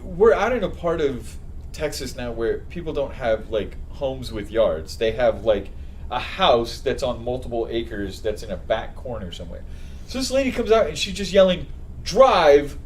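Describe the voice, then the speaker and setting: A man co-hosting a podcast, telling a story in a casual chat, laughing and acting out quotes loudly. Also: medium pitch, big pitch swings, normal speed, a little hiss or hum. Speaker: podcast co-host.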